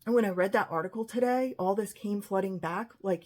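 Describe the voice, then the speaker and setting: A woman with a husky voice telling an emotional personal story, often quoting what others said. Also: medium pitch, fairly quick, hardly any pauses, a little mellow.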